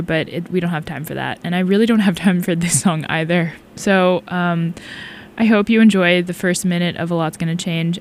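A young woman DJ wrapping up her college radio show, with a voice that sits a little low for a woman. She rambles in a loose, chatty way and laughs often, with a faint hiss of noise under her voice. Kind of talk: casual radio sign-off chat.

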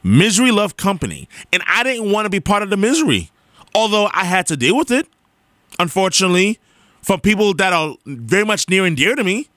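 A man's voice: high-pitched, brisk, dry recording, clean studio sound. A young man talking straight to listeners in an emphatic, repetitive monologue, like a radio host. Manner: emphatic, repetitive, animated storytelling.

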